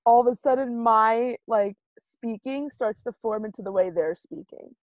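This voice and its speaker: A young woman co-hosting a podcast in a relaxed, chatty way, leaning on "like" a lot. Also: fairly high pitch, normal speed, dry recording, dull audio. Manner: relaxed, 'like'-heavy, giggly. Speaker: podcast co-host. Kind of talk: casual podcast chat.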